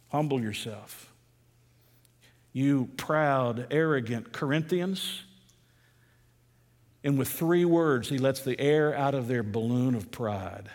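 A male pastor preaching a sermon, firing rhetorical questions and swinging between loud emphasis and hushed asides. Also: high voice. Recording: long reverb of a large hall.

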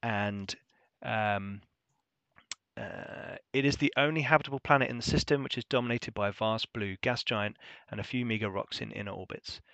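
A man's voice: fairly low pitch, normal speed, vocal fry, a bit bright, no echo, muffled recording. A man, narrating a tabletop game as game master in a casual, rambling way with many ums.

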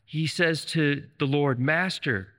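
A man's voice: fairly high pitch, animated, unhurried, sharp tone, in a large hall. A man preaching a sermon, retelling scripture stories with fervent enthusiasm.

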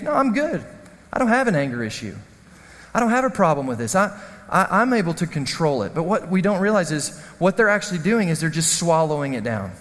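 High-voiced pastor in a reverberant hall. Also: male voice. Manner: storytelling, animated, self-deprecating. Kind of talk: sermon.

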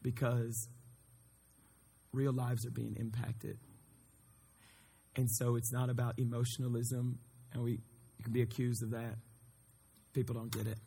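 Male youth pastor, mid-pitched, earnest, casual preaching with fillers. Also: a little slow, vocal fry, long pauses, a little hiss or hum. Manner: earnest, conversational, rising to excited calls to the crowd. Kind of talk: sermon to a youth group.

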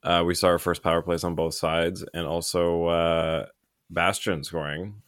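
Male host, very low voice, dry close sound, easygoing hockey recap. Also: level tone, unhurried, fairly bright tone, dry recording. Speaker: podcast host. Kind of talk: casual sports chat.

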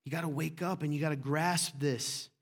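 A middle-aged pastor preaching with a somewhat high voice. He talks with passion and emphasis, often pushing into loud, fervent bursts. His delivery is that of a sermon to a congregation. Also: steady tone, normal speed, breathy edge.

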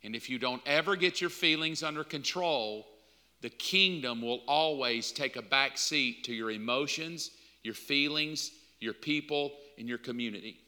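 A man's voice: mid-range voice, moderate pace, bright, forceful tone. A man preaching a sermon as pastor in a conversational style, acting out bits of dialogue. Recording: long hall reverb.

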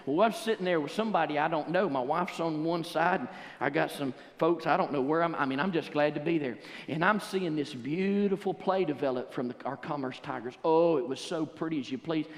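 A male pastor preaching a sermon in a church, telling stories in an animated way and breaking into exuberant shouts. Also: fairly high pitch, a little fast. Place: church sanctuary. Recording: long church hall reverb.

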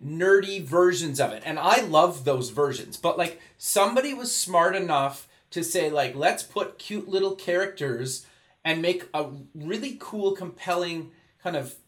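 Podcast host guy, kinda high voice, says like a lot. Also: lively intonation, a little slow, a bit bright. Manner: filler-heavy, lots of "like". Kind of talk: casual conversational chat.

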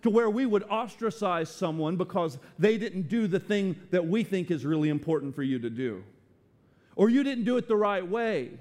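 Man, pastor, sermon in church, high voice, emphatic, repeats words. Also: darkish tone. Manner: emphatic preaching with repetitions and restarts. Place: church with rain outside.

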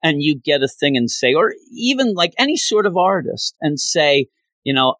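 A man co-hosting a casual comic book review chat, animated and sarcastic, who keeps slipping into mocking voices. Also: on the high side, moderate pace, no room sound.

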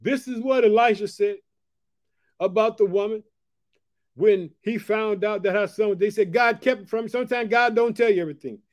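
A man with a high voice gives a fervent, casual late-night Bible teaching. He keeps turning to his listeners to ask if they caught what he said. When he reads the verses, he slows to a deliberate pace. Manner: fervent and repetitive, often asking listeners if they heard; reads scripture slower and more deliberately.

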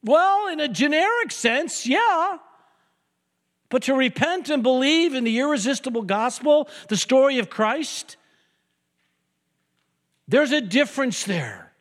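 An older man preaching a sermon as pastor, an animated storyteller who jokes and hammers points home with repetition. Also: very high-pitched, unhurried, pauses often. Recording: long hall reverb.

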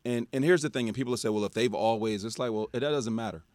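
A man co-hosting a sports talk show, hoarse and emphatic in giving his opinion. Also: mid-range voice, quick pace, darkish tone, no echo. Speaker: co-host. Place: studio.

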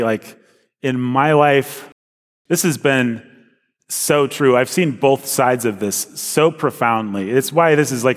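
Young adult man, earnest conversational testimony, mid-range voice, long hall reverb. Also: medium pitch. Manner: earnest, conversational, with frequent fillers and restarts. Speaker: speaker sharing a personal testimony. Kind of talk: casual spoken testimony.

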